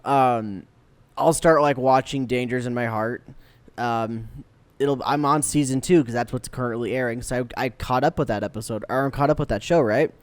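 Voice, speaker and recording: A man's voice: medium pitch, normal speed, clean tone, no room sound. A man co-hosting an anime podcast in casual chat, rambling and correcting himself, laughing as he goes. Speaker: podcast co-host.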